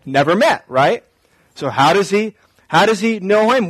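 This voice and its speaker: A male pastor preaching a sermon, telling stories animatedly and acting out dialogue, then slowing to quiet emphatic lines. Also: high-pitched, animated, husky, no room sound, low-quality recording. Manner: drops to slow, quiet emphasis.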